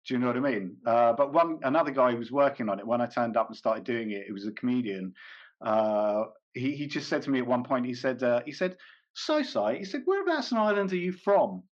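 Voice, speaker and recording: A man's voice: medium pitch, fairly quick. A man being interviewed as a comedian and actor, talking casually and hesitantly with many fillers, restarts and small laughs. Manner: rambling, hesitant, frequent fillers and self-corrections, laughs often. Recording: dull lo-fi recording.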